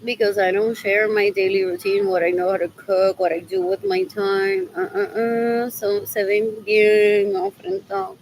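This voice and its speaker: A woman's voice: mid-range voice, expressive, unhurried, creaky, few pauses, darkish tone, slight background noise, rough recording. A woman chatting on a livestream, rambling and repeating herself as she thinks aloud.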